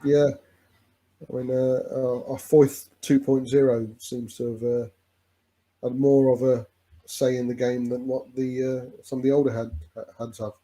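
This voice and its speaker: A man's voice: mid-range voice, level tone, unhurried, dark tone. A man chatting casually as a fan co-host during a live football watch-along, rambling with restarts and calling his friend "mate".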